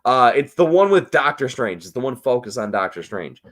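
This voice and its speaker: A man hosting a casual after-show livestream, slightly tipsy, swearing freely and answering chat comments with sudden excited jumps. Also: moderate pace. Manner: loose, swearing, swings between low mutters and excited outbursts. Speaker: livestream host reading chat.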